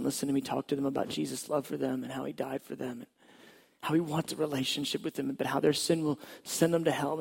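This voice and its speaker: A man telling a personal faith testimony in a conversational way, sometimes dropping to a hush. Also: medium pitch, gravelly, slightly rough. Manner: conversational storytelling, drops to hushed tones at tender moments. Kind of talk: testimony story.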